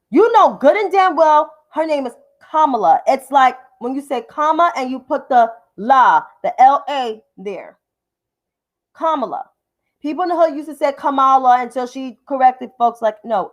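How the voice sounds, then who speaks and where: A woman hosting a livestream of political commentary, combative and profane, repeating names for emphasis. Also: high voice.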